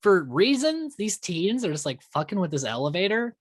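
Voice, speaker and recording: A man with a high voice and big pitch swings co-hosts a podcast, speaking at a moderate pace in a casual movie review chat about a horror film. He laughs frequently and restarts sentences, captured dry with clean studio sound.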